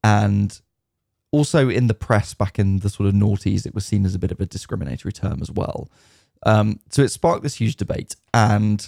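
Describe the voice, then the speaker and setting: Man, low gravelly voice, mellow tone, dry close sound, casual podcast chat, rambling anecdotes. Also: no echo. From United Kingdom. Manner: talks at length, relays news and anecdotes with fillers. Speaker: podcast co-host.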